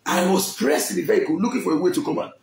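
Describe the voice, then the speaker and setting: A man's voice: high-pitched, racing, creaky, reverberant. A man with a Nigerian accent telling a personal story in a dramatic way, acting out the people he quotes.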